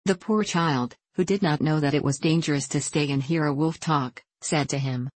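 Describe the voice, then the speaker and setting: A narrator reading fairy tales aloud in a measured, expressive way. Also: mid-range voice, no echo. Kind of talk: storybook reading.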